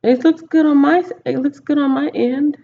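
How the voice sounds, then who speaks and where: A woman's voice: high voice, fairly even intonation, moderate pace, creaky, narrow, tinny audio. A Texan woman livestreaming from home, chatting casually and rambling as she thinks aloud to viewers. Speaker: livestreaming vlogger.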